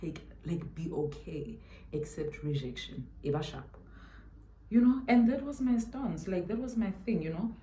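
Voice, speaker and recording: A South African beauty YouTuber tells a story while doing her makeup, emphatic and chatty, repeating her points for weight. Her voice is lowish, warm and unhurried with lively intonation, and the sound is roomy.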